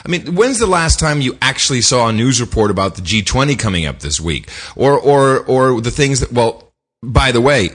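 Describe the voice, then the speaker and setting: A man hosting a podcast, talking in a rambling, animated, self-correcting way. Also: mid-range voice. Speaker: podcast host. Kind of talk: casual chat.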